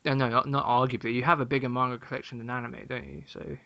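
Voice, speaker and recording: A man's voice: medium pitch, flat delivery, quick pace, creaky, dry recording, lo-fi sound. Laughing man asking questions, dry sound. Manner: laughs often, asks leading questions. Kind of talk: casual chat.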